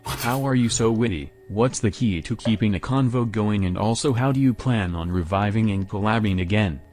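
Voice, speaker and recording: A lowish male voice reads viewer donations out one after another, flat and even. Faint music runs quietly behind him. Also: normal speed. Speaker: donation message reader.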